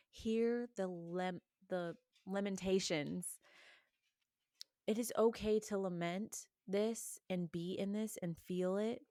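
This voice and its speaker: A woman's voice: medium pitch, gravelly, darkish tone, dry recording, clean studio sound. A woman giving an earnest, encouraging faith reflection, urging listeners directly. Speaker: Christian podcast host.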